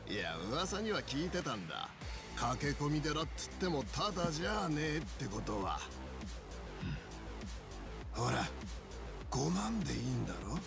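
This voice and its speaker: An actor playing a brash, coarse ex-yakuza man in a video game, with a gravelly voice. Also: medium pitch, huge pitch swings, a little fast, long pauses. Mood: swaggering. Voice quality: gravelly, coarse street speech. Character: rough, brash ex-yakuza man looking for work. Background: game music.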